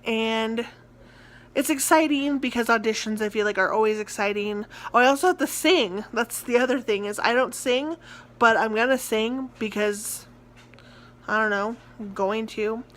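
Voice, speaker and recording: Young American woman, theatre-student vlogger, slightly high-pitched, loose rambling rant. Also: a bit bright. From United States. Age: young adult. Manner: rambling, ranting, heavy on filler words. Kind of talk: casual vlog chat.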